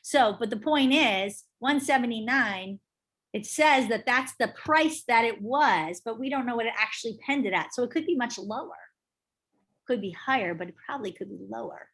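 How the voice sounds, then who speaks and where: A woman teaching a class in a brisk, emphatic, chatty way, often asking the group questions. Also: a little high, fairly bright tone, slightly rough. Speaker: real estate instructor. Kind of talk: casual teaching talk to a class.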